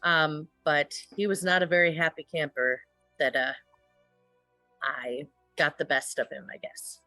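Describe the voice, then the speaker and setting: A woman with a fairly low voice plays in a tabletop game and casually narrates what her character does. Her voice sounds dry and close, with faint music behind it. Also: steady tone, unhurried, sharp tone, no room sound, poor audio. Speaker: player.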